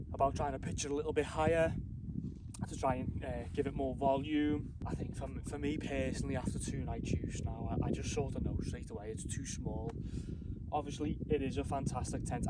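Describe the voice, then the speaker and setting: This camping vlogger rambles a bit as he chats casually to camera outdoors at a mountain camp in the morning, poking fun at himself. He speaks in a mid-range voice over a very noisy background.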